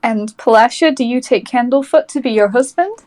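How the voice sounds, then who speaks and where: A woman with a fairly high voice, playing a tabletop game. She speaks hesitantly, stumbling and restarting, with nervous laughs. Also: normal speed, a little mellow, poor audio. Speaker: player. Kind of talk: casual tabletop play.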